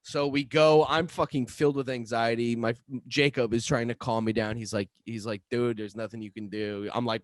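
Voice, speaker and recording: A man's voice: mid-range voice, steady tone, moderate pace, hardly any pauses, no room sound. A young man co-hosting a podcast, telling a long story in casual chat with lots of swearing. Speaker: podcast co-host.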